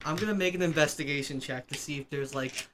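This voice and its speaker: A man playing a tabletop role-playing game with friends, quick and jokey, always pushing the bit. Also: on the high side, a bit bright, slight background noise. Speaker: player. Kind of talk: joking tabletop game play.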